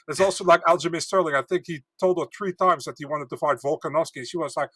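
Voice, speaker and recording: A man's voice: fairly high pitch, fast talker, few pauses, fairly bright tone, dry recording. A man co-hosting a podcast, chatting casually with lots of fillers and restarts. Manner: rambling, hesitant, many fillers. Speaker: podcast co-host. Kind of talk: casual sports chat.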